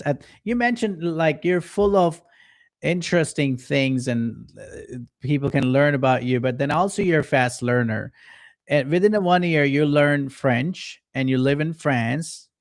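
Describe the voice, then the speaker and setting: A man hosting an interview, asking encouraging questions with a few halting restarts. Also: medium pitch, no echo, studio quality. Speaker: host.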